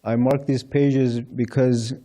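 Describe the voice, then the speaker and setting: Slow and flat, this man's mid-range voice carries a dark tone. He speaks as a temple speaker in a temple hall, telling a congregation anecdotes and replaying conversations with light chuckles.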